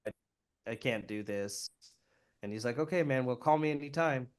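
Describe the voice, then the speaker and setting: A man's voice: medium pitch, moderate pace, smooth. A man co-hosting a podcast, recapping film scenes step by step in a casual, explaining manner. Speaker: podcast co-host.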